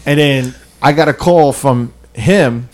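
A young man, co-hosting a podcast, tells friends a rambling, slang-heavy story in a casual way, acting out the characters. His voice is mid-range and his pace slow.

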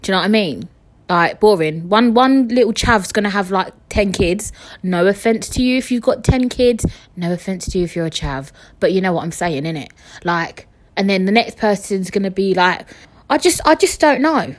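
A young woman chatting casually on her podcast, frank and jokey, swearing freely and talking straight to her listeners. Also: normal speed. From England. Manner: lively swings in pitch and loudness. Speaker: podcast host.

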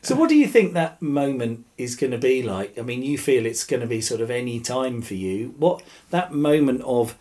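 Man hosting a podcast, gentle questions, sitting at the foot of a bed, mic by him. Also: medium pitch, lively intonation, normal speed, hardly any pauses. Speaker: podcast host. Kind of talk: podcast intro and interview. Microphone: microphone at the foot of the bed.

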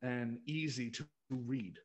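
A man's voice: mid-range voice, fairly even intonation, takes it slowly. Blunt, opinionated American man ranting. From United States. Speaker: podcast co-host. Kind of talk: casual chat.

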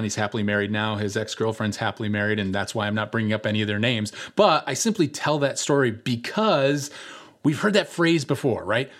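A young man preaching a sermon, telling a personal story in a relaxed, conversational way with many filler words. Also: medium pitch. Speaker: pastor.

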